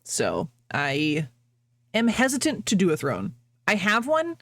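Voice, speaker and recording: A woman's voice: fairly low pitch, wildly swooping pitch, measured pace, a bit bright. A woman streamer chatting casually with her viewers, rambling, laughing often and breaking off mid-sentence.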